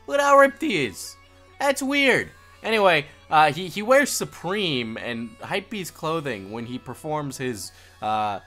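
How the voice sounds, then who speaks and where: Lively sarcastic male commentator. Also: mid-range voice. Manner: rambling and sarcastic; self-deprecating asides. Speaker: YouTube commentator. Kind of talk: comedic commentary.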